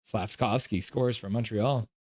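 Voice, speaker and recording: A man hosting a live stream, reacting to a game and joking with his chat in an animated way. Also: lowish voice, a little slow, no echo, clean studio sound.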